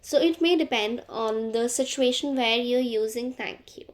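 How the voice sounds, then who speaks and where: A woman teaching beginner French greetings, saying each word slowly and more than once. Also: a little high. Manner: slow, careful pronunciation drills with repeated words. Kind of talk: beginner language lesson.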